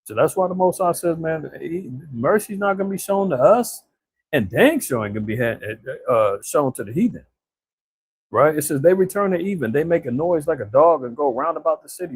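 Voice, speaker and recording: A man delivers a casual preacher's commentary, reading scripture and talking it through in plain colloquial speech. His voice sits a touch high with a husky edge. The recording is dry and close. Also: no echo, poor audio. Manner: conversational, colloquial, drops in "man" and "right?".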